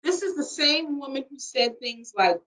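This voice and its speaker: A woman's voice: high-pitched, lively intonation, fairly bright tone. A woman presenter giving an explanatory history talk in an online library program. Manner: quick, explanatory lecture. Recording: distant from the mic.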